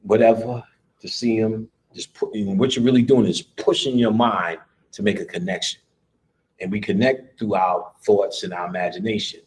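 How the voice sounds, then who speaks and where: A man's voice: on the low side, steady tone, moderate pace, a little mellow, poor audio. A man giving a live lecture in a loose, rambling, profane way, often laughing.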